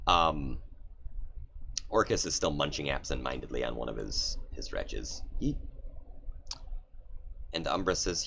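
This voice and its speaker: A man's voice: a bass voice, big pitch swings, measured pace, vocal fry, a bit bright, a little hiss or hum. A man narrating a tabletop game as game master, telling the story animatedly.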